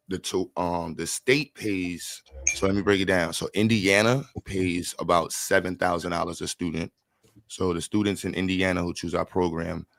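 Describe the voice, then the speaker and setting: Energetic New livestream host. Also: male voice, low voice, no echo. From New York. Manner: energetic, repeats words, slangy, shouts out chat. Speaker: livestream host raising funds for a school. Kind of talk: casual livestream chat.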